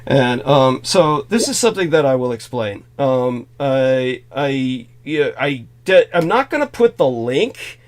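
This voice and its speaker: A man hosting a talk show, ranting in an animated, indignant way with many fillers, restarts and curses. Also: a little high. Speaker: host.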